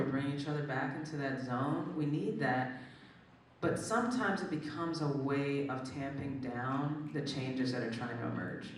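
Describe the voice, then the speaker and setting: An expressive guest speaker at a live onstage conversation, whose voice leaps higher when they get animated. The sound rings around a big hall, heard from well back from the mic, with some faint background noise. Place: large echoing hall at a live event. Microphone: distant from the microphone. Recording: echoey hall from far off.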